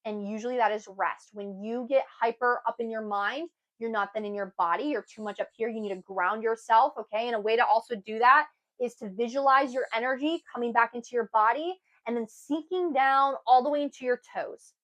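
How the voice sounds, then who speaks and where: Earnest young woman coaching, higher voice. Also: low-quality recording. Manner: earnest and emphatic, with sudden lively bursts. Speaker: self-help coach. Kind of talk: casual motivational talk to camera.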